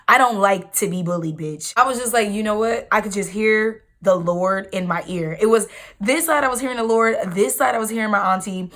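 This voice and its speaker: Emphatic young woman telling a story. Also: medium pitch. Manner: emphatic, slangy, animated storytelling. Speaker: vlogger. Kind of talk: storytime vlog.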